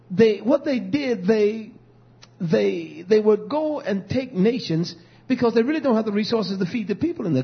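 A man preaching a fiery sermon, swinging between loud declarations and low, muttered asides. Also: breathy edge. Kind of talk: fiery street-style sermon. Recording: dull lo-fi recording.

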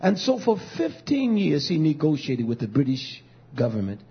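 A man preaching a fiery sermon, swinging from shouting to low murmuring, with repetitive, stumbling restarts. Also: huge pitch swings, normal speed, breathy edge. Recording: dull lo-fi recording.

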